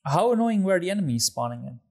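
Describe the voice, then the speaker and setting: A man's voice: high voice, big pitch swings, fast talker, darkish tone. A man hosting a casual podcast chat, agreeable, steering the topics and laughing often. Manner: steering the talk, agreeable, with frequent laughs and fillers. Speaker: podcast host.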